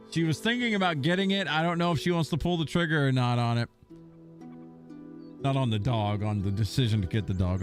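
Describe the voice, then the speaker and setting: A man streaming a game, chatting casually and telling a long story in a rambling way, swearing now and then. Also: fairly high pitch. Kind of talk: casual chat while gaming.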